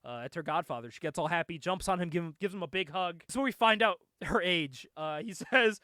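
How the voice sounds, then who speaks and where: A man's voice: sits high, fairly quick, few pauses, pushed and bright, no echo. A young man casually retelling a comic book story on a podcast, laid-back, laughing often and filling his talk with "like.". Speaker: podcast co-host.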